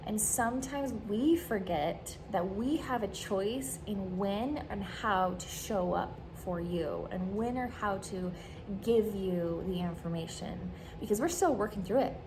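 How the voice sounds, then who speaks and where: A woman's voice: medium pitch, a little slow. A woman hosting a podcast, talking earnestly and encouragingly as she gives advice to her listeners. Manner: warm, earnest and encouraging, acts out quoted remarks. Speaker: podcast host giving advice. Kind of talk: earnest advice talk to camera. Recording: audible steady background noise.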